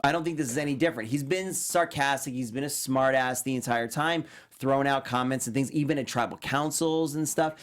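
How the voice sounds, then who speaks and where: A man co-hosting a podcast, chatting casually in a laid-back, amused way and disagreeing calmly. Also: mid-range voice, a little fast, hardly any pauses. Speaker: podcast co-host. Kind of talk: casual recap chat.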